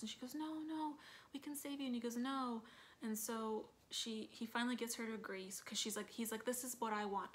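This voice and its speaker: Woman, casual movie review chat, chatty, mid-pitched voice, lots of fillers. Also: fairly bright tone, a little hiss or hum. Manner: chatty, retells scenes in acted quotes, many fillers.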